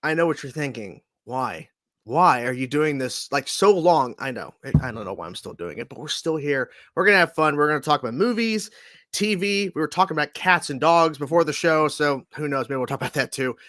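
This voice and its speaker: A man hosting a casual livestream chat show over a video call, talking in a lively, animated way and laughing often. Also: on the high side, brisk, no echo, studio quality. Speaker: host.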